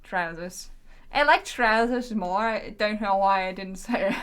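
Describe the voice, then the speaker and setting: A young woman streaming herself drawing, talking casually and quietly to herself as she works, often trailing off mid-thought. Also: mid-range voice, a little slow, clean tone. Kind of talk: casual thinking-aloud commentary while drawing.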